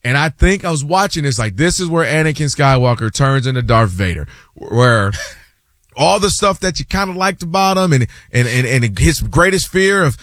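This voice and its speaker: A man's voice: a little high, moderate pace, dry recording, clean studio sound. A man hosting a sports talk show, arguing his point in casual chat and acting out fans' voices. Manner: animated, acts out fans' and players' voices.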